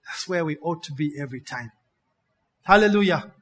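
A male preacher delivers a lively sermon. His voice sits fairly high for a man. He piles up words and keeps drawing his congregation in with quick questions. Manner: animated, call-and-response, piles up synonyms.

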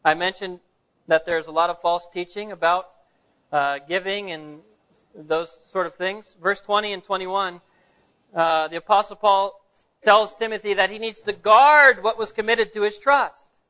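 Bright-voiced male preacher. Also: high-pitched, a little slow, clean tone, muffled recording. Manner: storytelling preacher, rhetorical questions to the congregation. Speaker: pastor. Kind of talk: sermon.

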